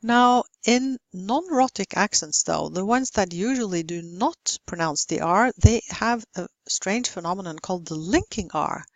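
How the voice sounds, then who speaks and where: A woman giving a recorded slide lecture on pronunciation, explaining calmly and modelling example words one at a time. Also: mid-range voice, no echo.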